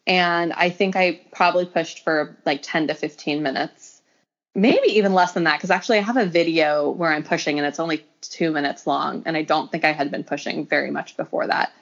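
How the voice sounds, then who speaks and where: A woman's voice: sits low, a little fast. Chatty young woman on a podcast. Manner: chatty storytelling, many fillers. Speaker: podcast guest. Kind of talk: casual interview. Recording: slightly dull lo-fi audio.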